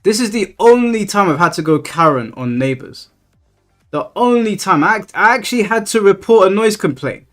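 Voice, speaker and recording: A young man holds a loose, profanity-laced rant on his stream. His voice sits a little higher than usual for a man, and soft music plays faintly underneath. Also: expressive, moderate pace. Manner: ranting, profane, exasperated. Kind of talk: casual live-stream chat.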